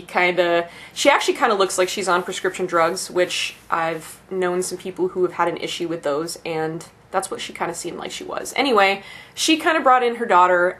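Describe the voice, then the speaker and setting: A woman's voice: medium pitch, fairly bright tone. Brief: young woman, bookstore worker, loose profane rant with laughing asides. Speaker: bookstore employee. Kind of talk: casual ranting vlog.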